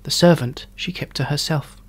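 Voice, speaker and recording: A man reading a classic story aloud as storyteller, in a measured, theatrical manner suited to period prose. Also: fairly high pitch, slightly rough.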